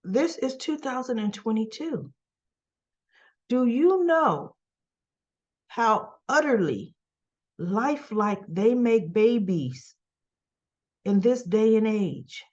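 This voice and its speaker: A woman with a fairly high voice, recorded with the highs cut off, gives a casual recap and review of a soap opera episode. She performs the characters' lines with animation and keeps laughing in incredulous, teasing disbelief.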